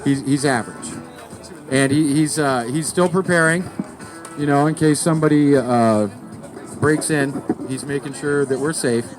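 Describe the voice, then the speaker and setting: A man's voice: a little high, unhurried, music in the background. A man hosting an outdoor comedy show in a park, rambling and joking as he introduces the comedians. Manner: rambling, joking, stumbles over names. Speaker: show host. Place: outdoors in a city park under a tree.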